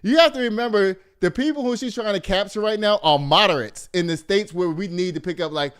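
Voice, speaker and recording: A man from Texas hosts a loose commentary show. His voice sits high and comes across smooth and clean. He talks in an animated, mocking way, swearing freely and laughing often. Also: a little fast. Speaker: host. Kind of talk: casual commentary.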